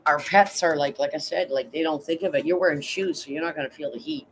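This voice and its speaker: A man's voice: fairly high pitch, fairly even intonation, quick pace, a bit bright, a little hiss or hum, rough recording. A tired man chatting casually on a livestream, rambling and blunt, swearing now and then while reading out chat. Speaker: vlogger reading live chat.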